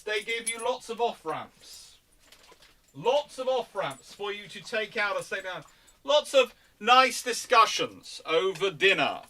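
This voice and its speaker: A man hosting a live naval history stream, explaining things in a playful, animated storytelling way. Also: sits high. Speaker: naval historian and channel host. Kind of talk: live-stream lecture chat.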